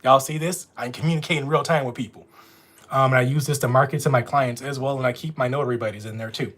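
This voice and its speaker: A man's voice: medium pitch, steady tone, quick pace, a bit bright. A man with a Louisiana accent, chatting casually with viewers on a live stream from home. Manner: chatty, talks straight to viewers. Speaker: notary running a live stream. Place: at home with dogs nearby.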